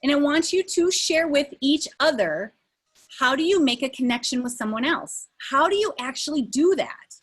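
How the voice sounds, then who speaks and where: A woman's voice: high-pitched, expressive, normal speed, fairly bright tone, rough recording. A middle-aged woman leading a live online workshop over a video call, talking in a conversational way with many fillers and restarts. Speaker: workshop facilitator.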